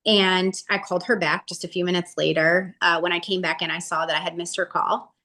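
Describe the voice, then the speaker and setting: A woman's voice: fairly low pitch, a little fast. A woman in her forties, an interview guest, telling her story casually and acting out what people said with a rising voice. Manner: animated, acts out quotes with a rising voice.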